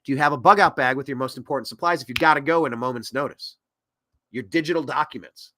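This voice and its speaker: A man hosting a political commentary show, ranting in an animated way that swings between loud and soft. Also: mid-range voice, fast, no room sound, studio quality. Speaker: host.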